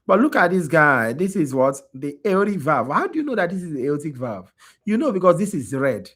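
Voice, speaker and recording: A man's voice: on the high side, sing-song, brisk, fairly bright tone. A tired man lecturing on anatomy to a class, quizzing his students and often checking whether they understand. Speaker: anatomy instructor.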